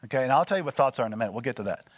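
A man preaching a sermon, animated and full of call-and-response questions to the congregation. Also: mid-range voice, very fast, no room sound. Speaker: pastor.

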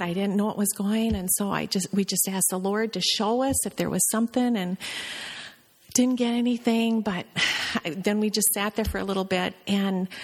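A middle-aged woman telling a church a personal testimony, halting and full of restarts. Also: medium pitch, breathy edge. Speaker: church member sharing a testimony. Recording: long reverb of a church hall.

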